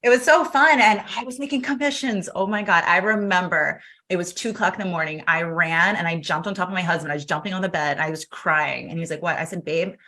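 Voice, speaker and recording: A woman in her thirties talking through her story for an interview. She acts out every back-and-forth as she goes and laughs along the way. Her voice is fairly low but bright and forward. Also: fast talker, few pauses. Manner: animated, acts out quoted dialogue, laughs often. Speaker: podcast guest.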